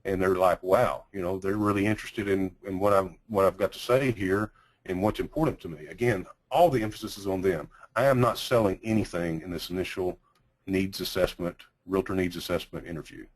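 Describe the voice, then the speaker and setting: A man with a Texas accent teaching a sales training class, speaking slowly with deliberate pauses and emphasis. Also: low voice, poor audio.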